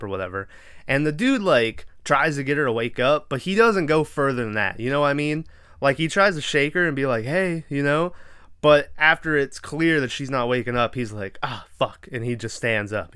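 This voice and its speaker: A man's voice: mid-range voice, a bit bright, clean tone, no room sound, clean studio sound. Profane young man recapping a movie. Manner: profane, rambling storytelling with fillers. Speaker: podcast host.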